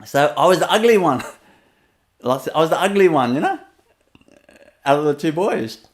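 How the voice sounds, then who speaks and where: A man's voice: fairly high pitch, lively intonation, normal speed. A man with a Vietnamese accent gives a rambling, storytelling webinar talk as a spiritual teacher, laughing often and leaning on fillers.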